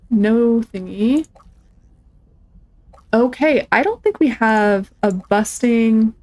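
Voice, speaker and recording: A young woman with a slightly mellow voice on the high side streams her gameplay with casual let's-play commentary. She's chatty and playful, talking to both enemies and viewers.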